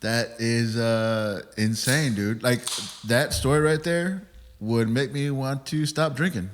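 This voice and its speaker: A man's voice: mid-range voice, slow pace. A man hosting a podcast, reacting to a guest in an easygoing way and laughing often. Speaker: podcast host. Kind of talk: casual chat.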